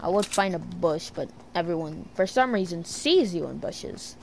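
A woman's voice: fairly low pitch, moderate pace, creaky, a little hiss or hum. A woman streaming a shooter game in casual commentary, yelping and exclaiming as she plays at home. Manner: excitable, yelps and exclaims mid-game. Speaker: gamer streamer. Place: home room.

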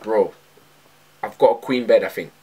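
A young man, reading a book aloud and reacting to it in an animated way, often stopping to comment and laugh. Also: on the low side, moderate pace, husky. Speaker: vlogger. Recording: loud music bed under the voice. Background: music.

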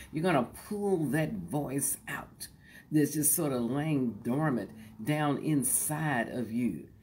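Slow, whispery woman host coaching poetry. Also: a bass voice, slight background noise. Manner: slow and drawn-out, sometimes dropping to a soft whisper; folksy and joking. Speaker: host teaching poetry recitation. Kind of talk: relaxed instructional talk to an online audience.

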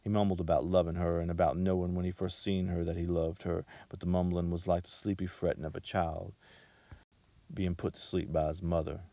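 A man reading a short story aloud as an audiobook, in a measured, steady manner. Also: deep voice, vocal fry, no room sound. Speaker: narrator.

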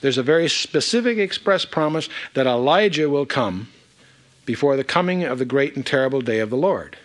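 A man's voice: mid-range voice, animated, fairly quick. A man giving a verse-by-verse Bible teaching, reading scripture aloud with emphatic asides.

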